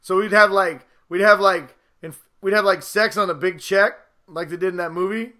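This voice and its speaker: A man's voice: high-pitched, fairly even intonation, moderate pace, bright, forceful tone. A man in his thirties, co-hosting a podcast in casual chat, playful and prone to acting out quoted lines in goofy voices. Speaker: podcast co-host.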